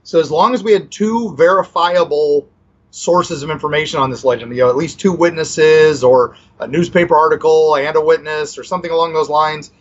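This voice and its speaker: A man's voice: a little high, fairly quick. Rambling male author on a dull line. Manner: rambling, full of fillers and restarts. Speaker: author and guest. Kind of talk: casual interview chat.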